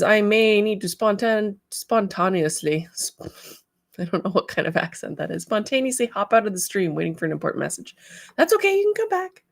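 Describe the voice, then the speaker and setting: A woman's voice: mid-range voice, no echo, clean studio sound. A woman hosting a casual livestream, chatting, laughing and greeting viewers by name. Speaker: livestream host.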